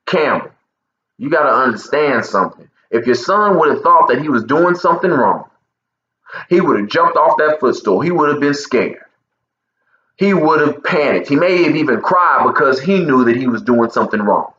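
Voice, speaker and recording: A man voicing a calm male barber who patiently explains things. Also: medium pitch, moderate pace, roomy sound, highs cut off. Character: calm adult male barber giving advice.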